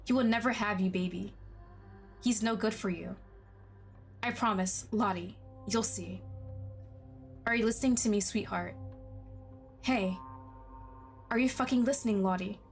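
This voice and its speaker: A woman voicing an obsessive, possessive young man in a game, pleading and then turning menacing, her line endings sinking low and hushed. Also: a little slow, pauses often, faint music behind, close to an everyday voice. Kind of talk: game dialogue read aloud.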